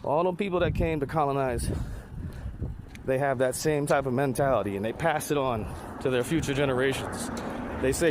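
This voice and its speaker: A man's voice: medium pitch, moderate pace, background noise. A man, hosting a talk show and delivering a heated, profane, mocking political rant. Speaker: podcast host.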